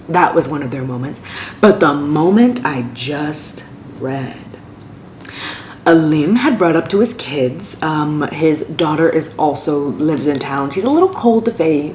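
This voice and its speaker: With a low, darkish voice, a woman excitedly recounts a romance novel's story for her book vlog, occasionally slipping into near-whispers. The room echoes, and faint ambient noise is present.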